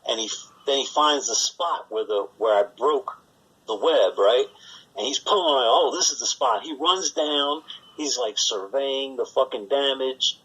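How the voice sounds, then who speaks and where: A man with a mid-pitched, husky voice who rambles through profane stories on a podcast. He slips into little voices for the characters and laughs along the way. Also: expressive, measured pace, fairly bright tone, low-quality recording. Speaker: podcast co-host. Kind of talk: casual storytelling chat.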